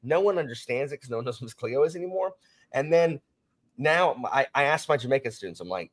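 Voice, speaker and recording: A man hosting a casual book discussion, talking in an animated, rambling way with frequent restarts. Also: medium pitch, quick pace. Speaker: podcast host and teacher.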